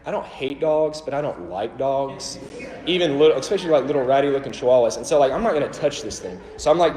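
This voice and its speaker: A man speaking from a church ministry, telling stories in a casual, self-deprecating way full of "like" and "um". His voice sits at an ordinary pitch and rings through a roomy hall with a long reverb tail. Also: quick pace, a little mellow. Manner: conversational, self-deprecating, many fillers like "like" and "um". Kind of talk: storytelling church talk. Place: church auditorium.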